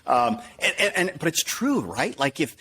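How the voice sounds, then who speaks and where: A man's voice: a little high, moderate pace, husky. A man, a professional speaker, talking in an interview and acting out quotes as he tells stories. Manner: animated storyteller, acts out quotes. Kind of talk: conversational interview.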